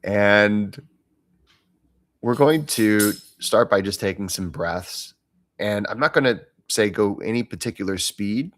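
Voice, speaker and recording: A man leading a guided breathwork session, calmly talking listeners through deep nasal breaths and counting out each phase. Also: slow, dry recording, studio quality. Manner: calm, soothing guidance with counted breaths. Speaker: breathwork instructor.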